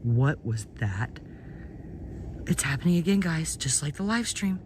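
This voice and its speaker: A woman's voice: deep voice, sing-song, measured pace, darkish tone, a little hiss or hum. A woman filming herself in snowy woods at night on a handheld phone, frightened and often whispering. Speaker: live streamer. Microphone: handheld phone camera.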